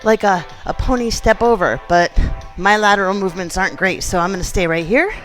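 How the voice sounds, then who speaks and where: Woman leading a gentle workout over music. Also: medium pitch, a little fast, poor audio. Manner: encouraging, chatty, counts reps aloud. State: out of breath at times. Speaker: fitness instructor. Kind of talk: leading a gentle exercise class.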